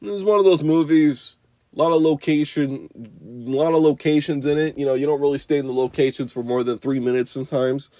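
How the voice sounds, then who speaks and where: A man's voice: a little high, fairly even intonation, a little fast, warm tone, no echo. A young man giving an unscripted, profane movie review rant, rambling with constant "you know" and "like".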